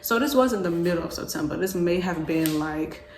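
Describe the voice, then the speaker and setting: A woman in her twenties telling a personal story casually, slangy and animated, often repeating herself. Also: on the low side, normal speed, a little hiss or hum. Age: 20s. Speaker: vlogger. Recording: echoey room with faint ambience.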